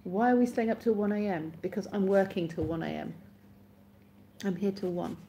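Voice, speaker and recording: A woman's voice: medium pitch, moderate pace, mellow, slight background noise. A woman hosting a live stream, chatting casually with her viewers, sleepy and yawning, giggly and self-mocking.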